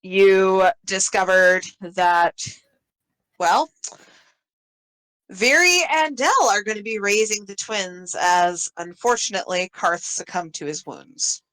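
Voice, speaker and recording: Unhurried bright-voiced woman game master. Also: mid-range voice, clean tone, poor audio. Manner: relaxed, laughs often between lines. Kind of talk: recapping a tabletop campaign.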